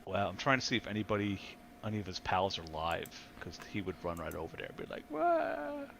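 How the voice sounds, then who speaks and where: A man's voice: sits low, fairly even intonation, fast, sharp tone, a little hiss or hum. A man hosting a casual podcast chat, joking and laughing often. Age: adult with a wife. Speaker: podcast host.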